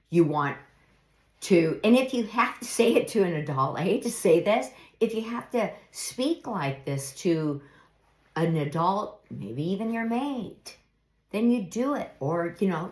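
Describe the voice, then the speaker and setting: A middle-aged woman giving earnest, reflective life advice in an unhurried monologue, now and then acting out example phrases. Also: lowish voice. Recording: echoey room.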